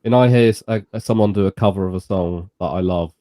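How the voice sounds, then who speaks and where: A man's voice: deep voice, fast talker, warm tone, no room sound. A man co-hosting a podcast, chatting casually and giving blunt, opinionated takes, swearing now and then. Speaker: podcast co-host. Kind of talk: casual chat reacting to music.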